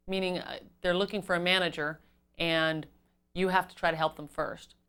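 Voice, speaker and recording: A woman giving an instructional talk on customer service as a trainer, measured and explanatory, stressing key words. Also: sits low, fairly even intonation, a bit bright, smooth.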